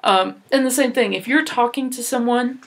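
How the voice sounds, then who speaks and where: A woman's voice: a little high, moderate pace. Woman giving volunteer training. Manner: earnest, instructive, with fillers and restarts. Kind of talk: training presentation.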